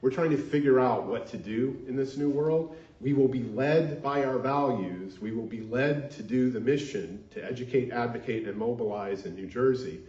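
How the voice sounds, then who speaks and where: Male minister, earnest sermon delivery, mid-pitched, echoey lo-fi sanctuary sound. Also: normal speed, hardly any pauses, darkish tone. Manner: earnest, leads call-and-response. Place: church sanctuary. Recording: dull echoey sanctuary recording.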